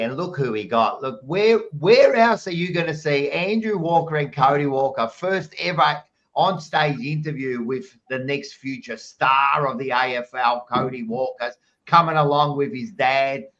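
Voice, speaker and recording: A man's voice: mid-range voice, a bit bright, lo-fi sound. A man with an Australian accent hosting a casual football podcast, brash and swearing in banter. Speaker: podcast host. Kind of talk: casual footy chat and plugs.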